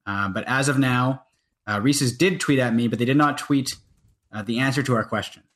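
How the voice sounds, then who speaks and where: A man's voice: mid-range voice, normal speed, a bit bright. A man from Canada co-hosting a casual podcast chat, rambling, restarting his sentences and swearing offhand. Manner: rambling, self-interrupting, sweary. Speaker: podcast co-host.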